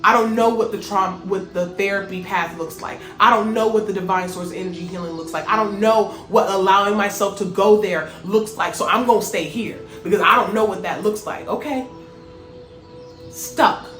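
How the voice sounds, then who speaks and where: A woman's voice: mid-range voice, normal speed, fairly bright tone. A woman hosting a motivational spiritual talk, earnest and emphatic with repeated phrases. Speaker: host. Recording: echoey room, faint music.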